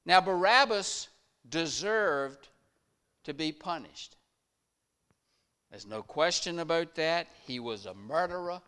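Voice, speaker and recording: A man preaching a sermon, retelling a story with dramatic rises and drops in loudness. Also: fairly high pitch, expressive, slow, long pauses, clear, resonant tone.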